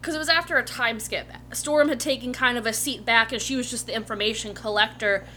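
A woman's voice: on the high side, a little fast, sharp tone, a little hiss or hum. A woman who was a player in the campaign, co-hosting a podcast in casual chat and recapping events in a matter-of-fact, wry way.

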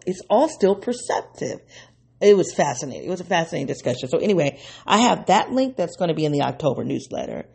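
A woman hosting an unscripted solo podcast, talking in an excitable, rambling way and laughing often. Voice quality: low, gravelly and husky. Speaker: podcast host.

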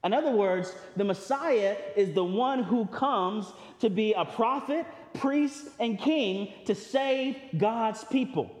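A man's voice: very high voice, a little mellow. A man preaching a sermon as pastor, talking in a loose, conversational way with restarts and asides. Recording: long hall reverb.

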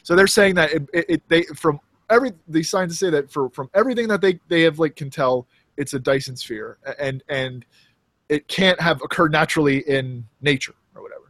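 Male podcast co-host, slightly higher voice, halting and rambling delivery, dry close mic. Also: a bit bright, no echo. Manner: rambling, halting with many restarts. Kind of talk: casual chat.

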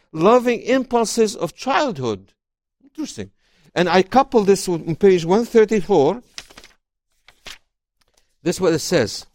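Lively high-voiced man discussing faith. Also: no room sound, studio quality. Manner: expressive, repeats words when starting sentences. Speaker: author and guest. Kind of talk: conversational interview, reading aloud.

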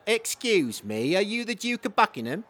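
A man voicing a dangerous, impetuous young nobleman who threatens calmly and politely. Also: high voice, moderate pace, a faint crowd, heavily acted. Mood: menacing. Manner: calm, clipped, politely threatening.

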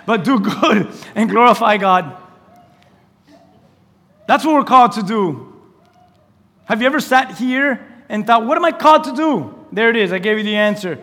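A man preaching a lively, conversational sermon as pastor, acting out quoted lines and laughing along the way. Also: high voice, a little slow, long pauses. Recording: church hall with long reverb.

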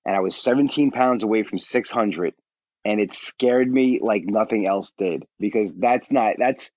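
A man who is a stand-up comedian, telling candid, self-deprecating stories as a podcast guest, blunt and quick to get defensive. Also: lowish voice, darkish tone, no echo, muffled recording.

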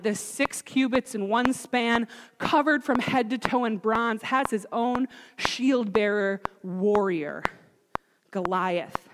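Woman preaching, lively storytelling, highish voice, noisy background. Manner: lively storyteller acting out quotes. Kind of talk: sermon retelling a Bible story. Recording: echoey hall, background noise.

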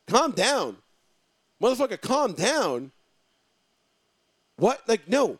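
Young guy with a high voice, loud crude ranting, dry close mic. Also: very animated, slow, slightly rough, dry recording. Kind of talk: casual profane rant.

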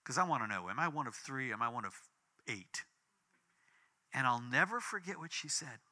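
A man in his fifties preaching a sermon, telling a personal story with big swings between loud and hushed. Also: moderate pace. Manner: animated storytelling with big swings in pitch and volume. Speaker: pastor.

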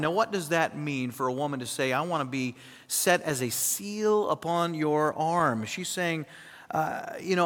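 A man preaching a sermon to a congregation, animated, checking in with his listeners as he goes. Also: on the high side, unhurried. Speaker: pastor. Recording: long hall reverb.

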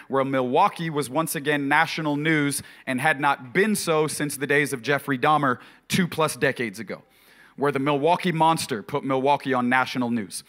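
A middle-aged preacher tells a personal story in a casual, rambling way, dipping into hushed passages for effect. His voice sits a little high for a man and sounds bright and forceful. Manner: conversational, filler-heavy retelling with sudden quiet drops. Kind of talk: storytelling sermon.

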